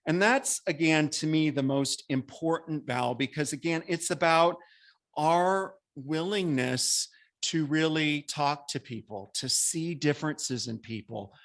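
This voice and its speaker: A man with a fairly high voice that carries gives a spiritual talk at a spiritual center. He speaks to the congregation in a conversational, earnest way. Now and then he breaks into lively acted-out asides. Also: a little slow. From American. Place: church hall.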